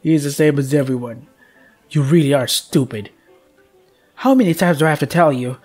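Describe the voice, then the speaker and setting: A man voicing a cold, controlling mother in a game, speaking slowly in a low, stern, lecturing way. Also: expressive, a little mellow, faint music behind. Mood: coldly lecturing. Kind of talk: voicing a visual novel character.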